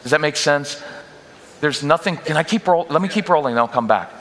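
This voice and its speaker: A man gives a lively parenting workshop in a church, his voice bright and forward. He talks straight to the audience and drops in quick rhetorical questions. His voice rings with a long hall reverb. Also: a little high, slight background noise. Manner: direct, conversational, quick asides to the audience. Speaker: guest speaker at a parenting workshop. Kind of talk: live workshop talk.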